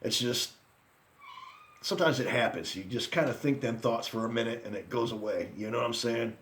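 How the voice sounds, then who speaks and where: A man's voice: medium pitch, a little fast, fairly bright tone. Middle-aged man, casual rant vlogger, loose and profane, rambles and laughs.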